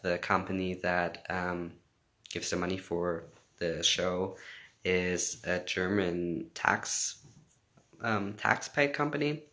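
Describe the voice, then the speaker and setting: Native English-speaking man on a phone livestream, low and forceful, answers fan comments casually and moves between English and German. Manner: reads out comments, laughs often, switches between English and German.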